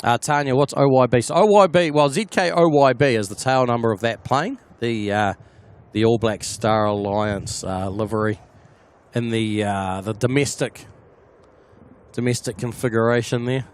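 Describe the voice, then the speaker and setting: A man's voice: medium pitch, normal speed, slight background noise. Chatty New Zealand man streaming live. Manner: chatty, answers viewer comments by name. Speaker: plane-spotting live streamer. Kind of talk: casual live-stream commentary.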